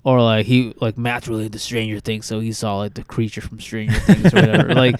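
A man's voice: lowish voice, steady tone, fairly quick. A young man co-hosting a podcast, talking casually and loosely, swearing often and filling his talk with "like" and "dude". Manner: laid-back, swears a lot, says "like" and "dude" constantly. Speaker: podcast co-host.

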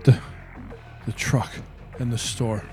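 A man running a tabletop game as game master, describing outcomes in a measured way with some hesitant fillers. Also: medium pitch, level tone, dark tone, faint music behind.

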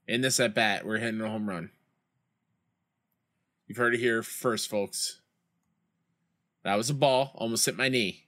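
A man's voice: fairly low pitch, sharp tone. A young man streaming a baseball video game, chatting casually with his chat and telling stories, with outbursts when plays go wrong. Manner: reads chat aloud and tells rambling school stories.

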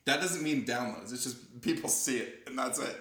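A young man co-hosting a podcast, chatting casually, excitable, laughing often and swearing. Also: mid-range voice, moderate pace, reverberant, a crowd in the background. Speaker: podcast co-host. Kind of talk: casual chat.

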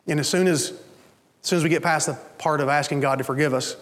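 A man with a high voice preaches a Sunday sermon, talking to his congregation in a loose, conversational way and often asking if they follow. His voice carries a long hall reverb from the church sanctuary. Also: steady tone, fast talker, a bit bright. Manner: conversational preaching, asks the congregation "you understand?". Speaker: pastor.

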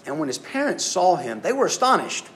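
A man preaching to a youth group, telling stories and acting out voices with animated delivery. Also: sits high, fairly quick, a little hiss or hum. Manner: animated storytelling, acts out voices. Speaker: youth speaker. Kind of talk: youth sermon.

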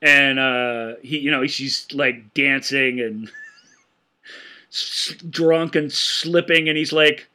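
A man co-hosting a film podcast, retelling movie scenes in an animated way and laughing often. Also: medium pitch, takes it slowly. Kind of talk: casual film discussion.

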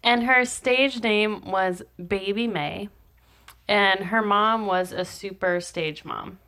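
A woman co-hosting a casual podcast, telling a story slowly with many pauses and ums, laughing now and then, with hiccups. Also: medium pitch, pushed and bright. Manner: slow, hesitant, many ums, laughs easily. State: has hiccups. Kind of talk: casual chat.

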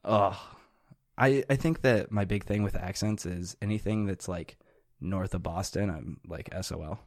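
A young man in his student years, co-hosting a podcast in casual chat with a dry, low-key delivery. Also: moderate pace, dry recording. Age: young adult. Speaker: podcast co-host.

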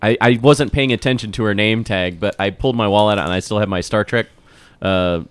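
A man's voice: fairly low pitch, brisk, clean tone. A man chatting casually, telling a story with hesitations. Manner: hesitant, many fillers.

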